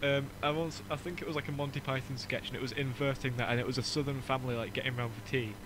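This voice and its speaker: Brief: young Northern English host, mid-pitched, wry mocking banter, audible background noise. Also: male voice, fairly even intonation. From Northern England. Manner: joking, rambling, quick to mock. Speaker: podcast host. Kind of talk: casual chat.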